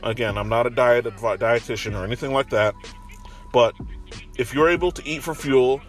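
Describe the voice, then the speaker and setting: A man's voice: mid-range voice, brisk, soft background music. A man talking in a casual, profane, rambling monologue from his car, parked in a parking garage. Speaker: commentary vlogger. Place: parking garage with construction nearby.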